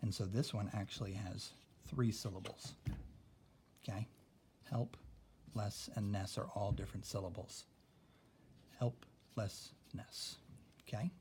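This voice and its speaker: Low-voiced man teaching a spelling lesson. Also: steady tone, darkish tone, a little hiss or hum. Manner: explains slowly, adds "okay?" often.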